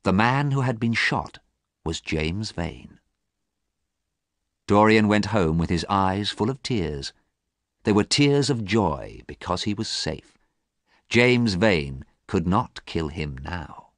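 A man narrating a storybook for English learners in a clear, expressive reading. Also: low-pitched, takes it slowly, no echo, studio quality.

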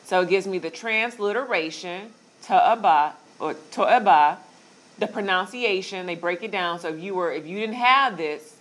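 A woman teaching a Bible study class, walking listeners through on-screen steps in a relaxed, conversational way with filler words. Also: mid-range voice, moderate pace, hardly any pauses.

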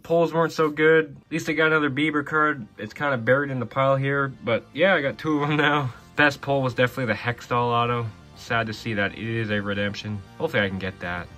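A man's voice: medium pitch, bright, forceful tone. A man casually opening hockey card packs, reading player names off in a running list with offhand asides. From Canada. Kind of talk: casual box-break commentary.

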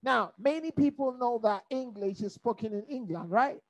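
High-voiced woman preaching a Bible study. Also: normal speed, rough recording. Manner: rhetorical call-and-response questions; lively, humorous, mimics accents.

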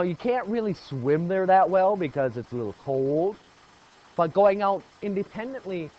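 A man's voice: high voice, a little mellow, a little hiss or hum. A man teaching a geography lesson to a class, asking questions, praising answers and repeating key points. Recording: dull lo-fi classroom recording.

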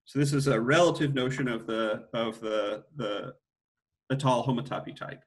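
A man's voice: mid-range voice, moderate pace. Man lecturing, self-correcting as he goes. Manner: thinking aloud, frequent self-corrections and restarts. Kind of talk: academic math lecture.

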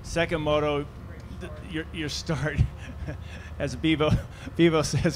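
A man's voice: a little high, fairly even intonation, unhurried, noisy background. Male press conference moderator. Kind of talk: asking questions at a press conference.

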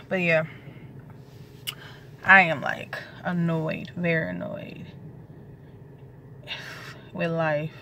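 A young pregnant woman chats to her viewers in a relaxed, rambling vlog. Her voice sits low for a woman, and she cusses freely. A faint hiss of noise runs under the recording. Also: very slow, pauses often. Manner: loose, chatty, swears freely. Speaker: vlogger. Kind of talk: casual chat to camera.

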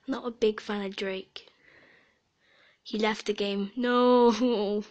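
A woman's voice: medium pitch, little pitch movement, slow, highs cut off. A young woman giving casual, giggly commentary while playing an online game, often dropping into whispered asides. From Sweden and Britain. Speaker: gaming video creator.

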